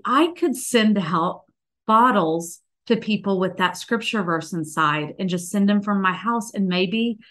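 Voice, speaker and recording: A woman in her thirties speaks as a podcast guest. She tells her story in an earnest, tender way, with plenty of "like" fillers. Her voice sits at an ordinary middle pitch. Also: fairly bright tone. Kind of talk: heartfelt conversational storytelling.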